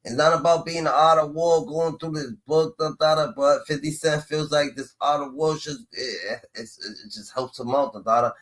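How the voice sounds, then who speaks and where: A man in a casual chat, talking in an animated way and filling his pauses with "da, da, da". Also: a little high.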